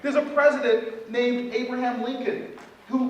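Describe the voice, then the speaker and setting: Man in his 40s, motivational keynote, lively and joking, high voice, distant echoey hall sound. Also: moderate pace, slight background noise. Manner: animated, joking with the audience. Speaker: keynote speaker at a leadership event. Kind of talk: motivational speech. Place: large event hall.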